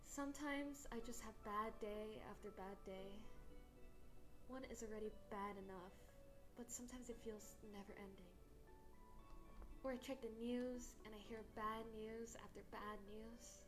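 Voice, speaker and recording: A woman's voice: a little high, steady tone, measured pace, music in the background, natural voice. A woman voicing a young female dragon in a visual novel, an anxious but hopeful dreamer who talks in an earnest, confiding way. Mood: gloomy.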